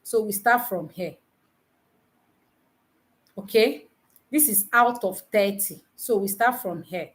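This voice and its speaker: Running a live online lesson, a nursing exam tutor teases her students, quizzes them with repeated questions, and counts aloud slowly. Her voice is mid-range and a bit bright.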